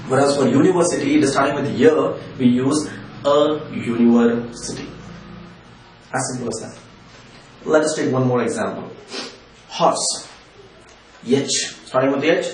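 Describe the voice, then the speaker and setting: Indian man teaching English in an echoey room. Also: medium pitch. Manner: patient, repeats and spells out examples. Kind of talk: spoken grammar lesson. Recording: echoey room, distant from the mic, faint ambient noise.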